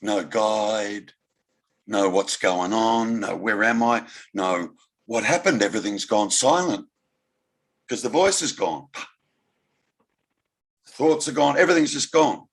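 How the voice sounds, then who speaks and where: A man giving an unhurried spiritual talk, pausing often and musing gently. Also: on the low side. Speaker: spiritual teacher. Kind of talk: slow reflective talk.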